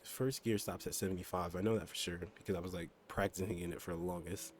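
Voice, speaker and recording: A man's voice: low-pitched, steady tone, quick pace, a little hiss or hum. A young man streaming a game and chatting casually about his motorbike and car, rambling with lots of fillers and mild swearing. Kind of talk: casual chat while gaming.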